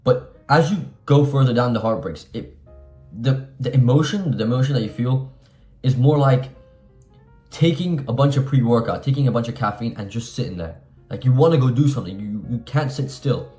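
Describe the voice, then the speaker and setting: A man's voice: medium pitch, moderate pace, mellow, roomy sound, faint music behind. A man of twenty giving blunt, profane, emphatic self-improvement advice in a casual monologue. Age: 20s.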